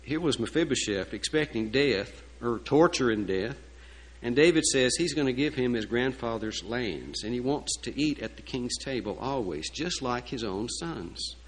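A man's voice: medium pitch, animated, moderate pace, poor audio. A male preacher delivers a sermon in a storytelling style. He slips in folksy, joking asides and keeps asking rhetorical questions. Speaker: pastor.

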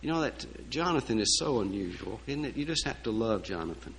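A man's voice: fairly low pitch, lively intonation, fairly quick, vocal fry, a bit bright, low-quality recording. A man preaching a sermon in a folksy, emphatic way, with asides and fillers. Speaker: pastor.

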